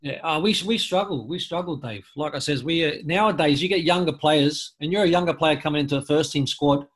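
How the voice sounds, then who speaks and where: A man's voice: on the high side, brisk. A man from Australia, a former footballer, speaking earnestly as a podcast guest, restarting sentences often with lots of fillers. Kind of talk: conversational interview.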